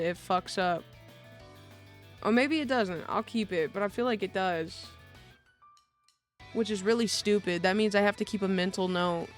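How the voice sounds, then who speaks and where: A young woman streaming a game, chatting in a loose, slangy, profane way. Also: mid-range voice. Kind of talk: casual game streaming chat.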